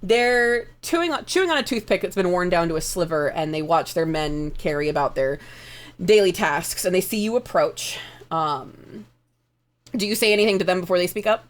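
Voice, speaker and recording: A woman's voice: lowish voice, animated, moderate pace. A woman narrating as game master, casual and chatty, with frequent laughs and fillers.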